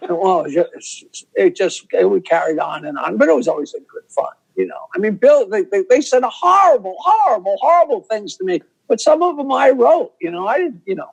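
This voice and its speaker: An older comedian guest on a video call, telling stories in a rambling, self-interrupting way. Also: male voice, high-pitched, lively intonation, moderate pace, vocal fry, breathy edge, low-quality recording.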